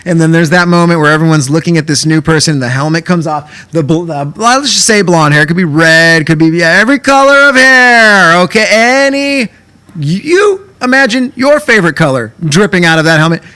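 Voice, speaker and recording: Picture an easygoing man riffing on a comedy podcast. His voice sits a bit high, and he keeps saying "dude" and swears freely as he spins off-the-cuff bits. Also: lively intonation, normal speed, bright, forceful tone, smooth. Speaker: podcast co-host. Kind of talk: casual comedic podcast chat.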